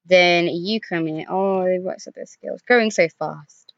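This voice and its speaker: A woman's voice: lowish voice, unhurried, dull audio. Chatty woman narrating a life sim. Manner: chatty, talks to the game characters, frequent sighs and groans. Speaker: gaming YouTuber. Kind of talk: casual let's-play commentary. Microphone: desk microphone.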